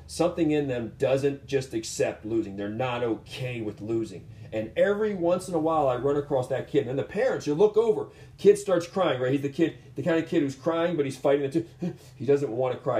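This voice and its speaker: A man's voice: medium pitch, warm tone. A man coaching combat sports, telling stories in an earnest, rambling way with frequent restarts. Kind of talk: casual storytelling in conversation. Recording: echoey room.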